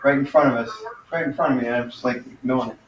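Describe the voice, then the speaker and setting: A man teaching an online class in an informal way, thinking aloud and sounding out vowels slowly. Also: medium pitch, fairly even intonation, slight background noise. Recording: distant, dull, roomy screencast audio.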